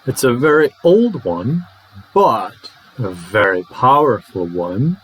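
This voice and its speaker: Animated man teaching English. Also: mid-range voice, slightly rough, low-quality recording. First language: Czech. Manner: lively, playful, modeling phrases slowly and fast. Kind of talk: English lesson to camera.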